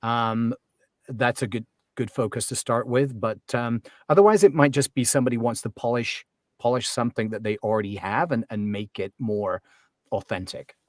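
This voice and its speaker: A man's voice: medium pitch, moderate pace, no room sound, studio quality. A man talking casually as an accent coach in an interview, chatty and full of ums and restarts.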